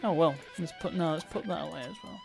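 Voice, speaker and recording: A streamer talks through a life-sim game live, in a mid-pitched voice, musing aloud and cheering playfully at small wins. A faint guitar track plays underneath. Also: huge pitch swings, quick pace, creaky. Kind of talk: live gameplay commentary.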